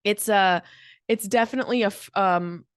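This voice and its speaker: A woman's voice: medium pitch, moderate pace, smooth, no room sound, studio quality. A woman comedian hosting her own podcast, talking in a brash, profane, fired-up comic monologue.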